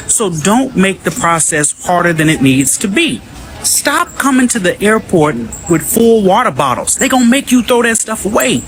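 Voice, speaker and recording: A man's voice: sits high, a bit bright, slight background noise. A man giving a blunt opinion in an emphatic, scolding, lecturing way. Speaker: vlogger. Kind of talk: casual opinion rant.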